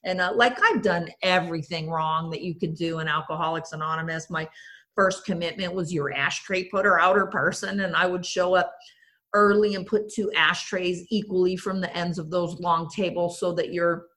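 A woman's voice: lowish voice, fairly even intonation, normal speed, fairly bright tone. A woman sharing her recovery story at a meeting, self-mocking and funny, and she keeps addressing the room directly. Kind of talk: humorous personal testimony at a recovery meeting.

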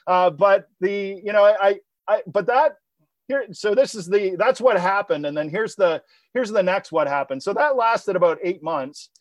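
A man sharing his story of recovery in a personal talk, halting, with many restarts and repeated words. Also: sits high, expressive, no echo. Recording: dull lo-fi recording.

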